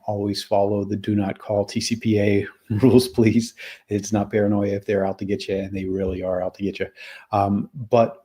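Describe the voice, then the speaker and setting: A man's voice: fairly low pitch, mellow, breathy edge. A man hosting a conversational interview, talking casually and hesitantly with fillers. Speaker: host.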